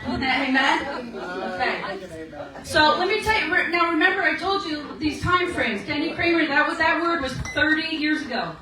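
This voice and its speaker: A woman's voice: high-pitched, normal speed, crowd noise. A woman in her sixties, a guest speaker at a meeting, telling stories in a chatty way, laughing often and checking in with "okay?". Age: 60s. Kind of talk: casual encouraging talk. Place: meeting room. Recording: very echoey room, recorded from far off.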